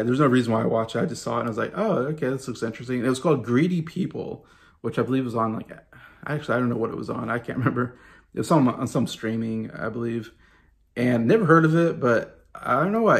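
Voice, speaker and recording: A man's voice: medium pitch, vocal fry. A man in his thirties giving a casual, rambling movie review, often correcting himself mid-sentence. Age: 30s. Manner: rambling, self-correcting, chatty.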